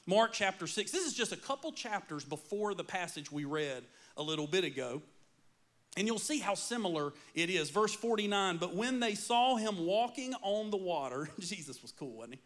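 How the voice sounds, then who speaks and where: A man preaching a sermon, telling stories with playful asides and animated delivery. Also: high voice, moderate pace. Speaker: pastor.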